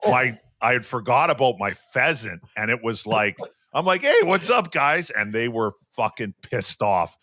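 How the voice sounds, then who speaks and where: Animated man telling hockey stories. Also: on the low side, moderate pace, no echo, clean studio sound. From Western Canada. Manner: animated storyteller, acts out quotes. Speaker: podcast co-host, former hockey player. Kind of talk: casual storytelling.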